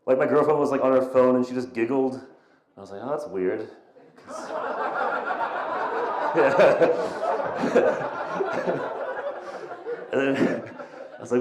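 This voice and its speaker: A man's voice: mid-range voice, lively intonation, takes it slowly, pauses often, crowd noise. A young man in his twenties doing a rambling, self-deprecating stand-up set, stammering and restarting his lines. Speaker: stand-up comedian. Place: small comedy venue. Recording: echoey, poor-quality live room recording. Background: audience laughter.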